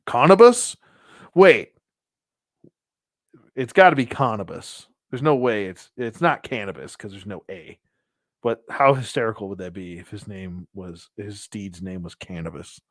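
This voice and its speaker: A man hosting a casual toy collector review, rambling, laughing at himself and sometimes dropping to a hushed storytelling voice. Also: fairly low pitch, no room sound. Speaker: toy collector channel host.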